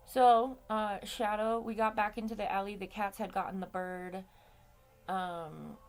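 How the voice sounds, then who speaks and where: Gravelly-voiced woman telling a story. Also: medium pitch, steady tone, a little slow, darkish tone. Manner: chatty, swears freely, laughs between lines. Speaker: vlogger. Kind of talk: casual storytime chat.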